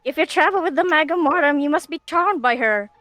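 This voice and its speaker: A woman's voice: high voice, lively intonation, fairly quick, pushed and bright, faint music behind, pitched above the performer's own voice. A woman doing a wary old village woman. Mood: suspicious. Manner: suspicious, questioning. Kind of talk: tabletop game character voice.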